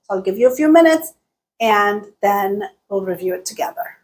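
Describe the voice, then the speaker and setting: A woman teaching English pronunciation, modeling example sentences slowly and exaggerating the stressed words. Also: mid-range voice, expressive. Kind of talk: slow, deliberate teaching.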